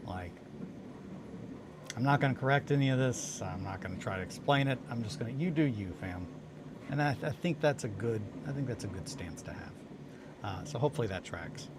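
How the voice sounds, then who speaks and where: Sleepy male stream host, mid-pitch, rambling, noisy room. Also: lively intonation, normal speed. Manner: rambling, self-interrupting, restarts and fillers. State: tired, just woken up. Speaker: hobby livestream host. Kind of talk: casual rambling storytelling to viewers. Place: home studio and workshop.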